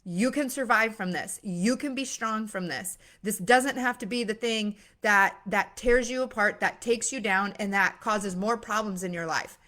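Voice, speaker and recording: Earnest and informal, a young mindset coach gives a motivational monologue riddled with fillers and restarts, dramatizing worried voices with sudden gasps. Her mid-range, slightly bright voice moves a little slowly, with few pauses.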